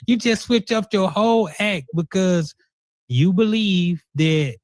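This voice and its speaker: A man hosting a podcast, chatting casually in an animated, slangy way and thinking out loud. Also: sits high, slow pace, no echo. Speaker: podcast host. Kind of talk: casual conversation.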